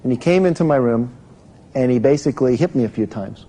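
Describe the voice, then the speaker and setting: A man's voice: medium pitch, expressive, a little fast, dark tone, poor audio. A man giving a live self-help seminar, explaining step by step and putting questions to his audience.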